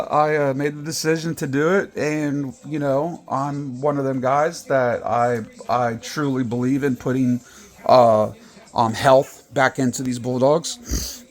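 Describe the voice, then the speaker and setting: A man's voice: mid-range voice, unhurried, darkish tone. A man who breeds French Bulldogs, talking in a rambling, casual vlog with many restarts.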